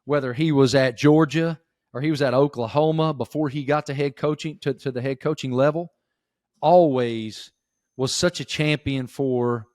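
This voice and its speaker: A middle-aged man from Appalachian Virginia with a Southern accent, telling stories in a folksy, animated way as a podcast guest. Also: mid-range voice, no echo, clean studio sound. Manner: folksy, animated storytelling with emphatic bursts. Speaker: sports reporter guest. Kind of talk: casual podcast interview.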